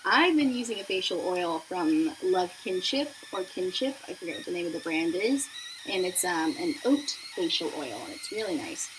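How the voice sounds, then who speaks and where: A woman's voice: lowish voice, big pitch swings, normal speed, rough recording. A young woman hosting a beauty livestream, chatting casually and reading viewer messages while she does her makeup in her apartment. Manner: bubbly, chatty, reads viewer messages aloud. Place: apartment room with a noisy radiator. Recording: faint room noise from radiator. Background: faint radiator hiss.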